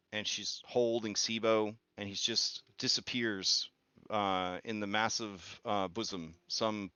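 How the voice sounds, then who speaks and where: A man's voice: fairly low pitch, pushed and bright, clear, resonant tone, no room sound. A man narrating a tabletop game as game master, hesitant and full of "um" and "like". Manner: hesitant, heavy on "um" and "like". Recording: slightly muffled, faint music behind.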